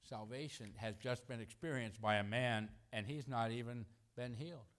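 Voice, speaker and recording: A middle-aged man delivers a sermon in a conversational, lively manner. He slips into acted-out voices for quotes and chuckles between points, and his pitch sits in an ordinary middle range for a man. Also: moderate pace. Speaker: preacher.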